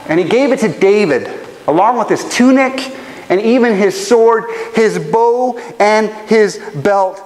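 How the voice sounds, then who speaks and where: Man, pastor, high voice, earnest sermon, echoing church hall. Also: darkish tone. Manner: earnest, emotional storytelling. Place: church auditorium. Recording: long church hall reverb, faint ambience.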